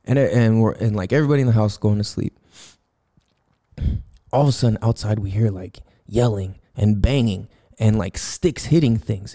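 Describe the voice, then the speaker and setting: A male podcast host delivers a loose, profane monologue full of fillers and restarts, speaking briskly at medium pitch in a dark, mellow voice. When telling a story he gets animated, acting out sounds and his own quoted thoughts and reactions.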